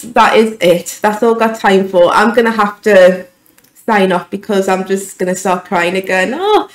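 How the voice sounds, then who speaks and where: A young UK woman, a YouTube vlogger, reacts to a film trailer with emotional gushing, stumbling over her words. Her mid-range voice sounds roomy on a rough recording.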